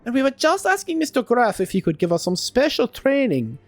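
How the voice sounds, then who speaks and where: A man voicing a group of eager young boy adventurers, with a squeaky put-on foreign accent, while reading a game's story aloud on a live stream. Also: huge pitch swings, brisk, no room sound, faint music behind, heavily acted.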